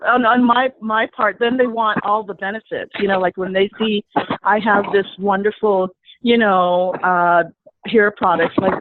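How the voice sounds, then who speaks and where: A woman calling in to a coaching session, speaking softly with many agreeing murmurs and restarts. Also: mid-range voice, normal speed, background noise. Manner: soft-spoken, frequent agreeing murmurs and restarts. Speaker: caller on a coaching call. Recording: tinny dry phone line.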